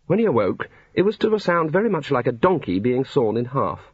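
A man with a husky, mid-range voice narrates a comic fantasy novel briskly, with big pitch swings. The scripted audiobook reading is dry in manner, and the recording is dull and lo-fi, though without echo.

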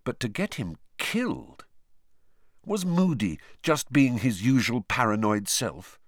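A man reading an audiobook aloud in expressive, storytelling narration. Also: medium pitch, slow pace, no room sound, clean studio sound. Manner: expressive storytelling with lively intonation. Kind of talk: scripted narration.

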